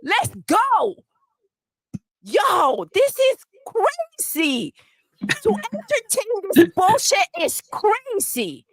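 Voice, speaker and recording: A woman's voice: very high-pitched, wildly swooping pitch, slow pace, no echo. A woman delivering a profane, scornful rant full of swearing. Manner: scornful, swearing, mocks with put-on voices. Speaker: livestream segment voice.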